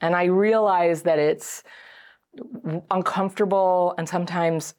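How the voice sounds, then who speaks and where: A woman's voice: fairly low pitch, fairly even intonation, unhurried, darkish tone. A middle-aged woman hosting a self-help video, talking casually to camera, acting out quoted voices and laughing often. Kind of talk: casual advice talk to camera.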